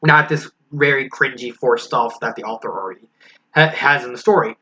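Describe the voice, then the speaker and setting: A man's voice: mid-range voice, normal speed, bright, forceful tone. A man giving a casual spoken review of a fan story, frank and critical, thinking aloud as he goes. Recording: slightly dull lo-fi recording with faint hiss.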